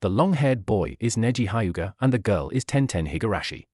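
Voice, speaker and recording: A man reading aloud as a loud, overexcited adult male martial arts teacher in a fan story. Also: on the low side, expressive, brisk, husky, no echo, studio quality. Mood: boisterous. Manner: boisterous, grandiose.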